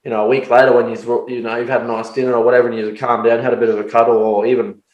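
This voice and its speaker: A man's voice: mid-range voice, level tone, rapid-fire, muffled recording. A man hosting a podcast in casual chat, swearing and acting out quoted lines in little voices. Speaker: podcast host. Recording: roomy echo.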